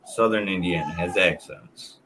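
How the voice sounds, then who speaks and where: A man's voice: deep voice, noisy background. A middle-aged man hosting a podcast, joking around and swearing casually. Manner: joking, slow and drawn-out, salty language. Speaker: podcast host. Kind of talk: casual chat.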